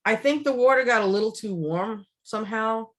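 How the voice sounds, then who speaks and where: A woman in her sixties, co-hosting a casual chat and telling a family story in an animated way, laughing often and restarting her sentences. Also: a little high, fairly quick. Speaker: co-host.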